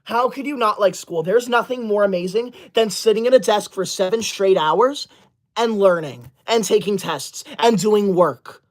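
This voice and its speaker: Comedy sketch: performer as a self-righteous young livestreamer, scolding and banning chatters in outraged shouts. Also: medium pitch, moderate pace, close to an everyday voice. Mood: indignant. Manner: indignant scolding, sudden shouted outbursts. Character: self-righteous school-loving young streamer, touchy.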